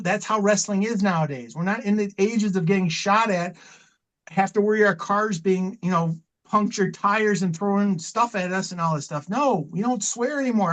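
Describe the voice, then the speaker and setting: A man's voice: sits high, rough recording. A middle-aged man, a wrestling manager, telling long impassioned stories in an interview, rambling and repeating himself as he goes. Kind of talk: storytelling interview talk.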